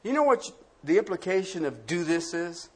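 High-voiced man preaching with wide swings. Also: sing-song, moderate pace, breathy edge. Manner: dramatic swings from hushed to loud, acting out quotes. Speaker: pastor. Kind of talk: sermon.

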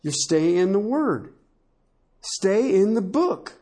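A male pastor preaches a sermon at a slow pace in a slightly rough voice. His delivery is animated, swinging between low asides and high, emphatic bursts, with frequent laughter.

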